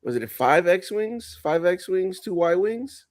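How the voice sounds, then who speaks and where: A young man on a podcast with a lively, swinging delivery. He tells his stories casually and swears freely. The sound is dry and close. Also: high-pitched, slow pace, no room sound. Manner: animated storyteller, swears casually. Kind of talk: casual chat.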